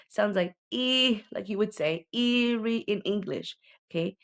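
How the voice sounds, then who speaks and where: A woman's voice: medium pitch, measured pace. A woman giving a casual alphabet lesson, explaining each letter in a chatty way with many okays and ums. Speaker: homeschooling teacher.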